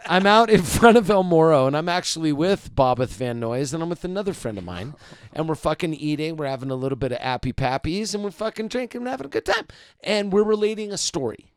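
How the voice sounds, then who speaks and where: Animated, profane man telling a story. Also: fairly high pitch, quick pace, smooth. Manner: animated, profane storytelling, acts out quotes loudly. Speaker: podcast guest, comedian. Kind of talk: casual podcast chat, storytelling.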